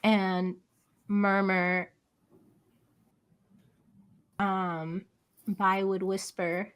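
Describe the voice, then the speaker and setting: A woman playing in a tabletop game, describing her character in a halting, thoughtful way. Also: medium pitch, level tone, clean tone. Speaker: player.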